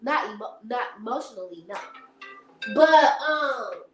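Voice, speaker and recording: A woman's voice: fairly high pitch, lively intonation, measured pace, faint music behind. A young woman, chatting casually to viewers in a rambling, laughing storytelling way. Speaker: live stream host. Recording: echoey room.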